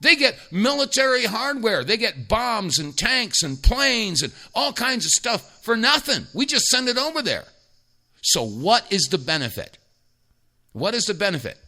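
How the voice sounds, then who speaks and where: A man's voice: high-pitched, very animated, measured pace, bright, forceful tone. A man hosting a talk radio show, emphatic and sarcastic, rambling with many restarts.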